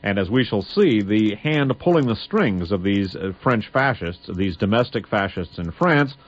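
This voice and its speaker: A man hosting a spoken history commentary, reading long excerpts aloud and deliberately spelling out names letter by letter, on a dull lo-fi recording. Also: on the low side, animated, husky.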